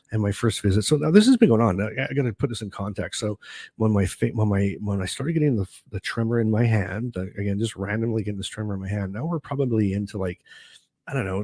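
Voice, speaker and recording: A man's voice: on the low side, a little mellow, no room sound. A middle-aged man hosting his own video, telling a personal story in a rambling, chatty way full of fillers and restarts. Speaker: host.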